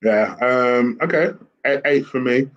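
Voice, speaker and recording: A man calmly giving his views in a football chat, pausing often with ums. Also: medium pitch, highs cut off. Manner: calm, measured, hesitant with ums. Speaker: football podcast co-host.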